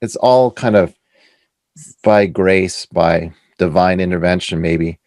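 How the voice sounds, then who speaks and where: A middle-aged man from Canada with a very low, gravelly voice, recorded close and dry. He tells his stories with animation, slipping into the voices of the people he quotes as an interview guest. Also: slow, darkish tone, no room sound. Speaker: author and guest. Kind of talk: casual storytelling interview.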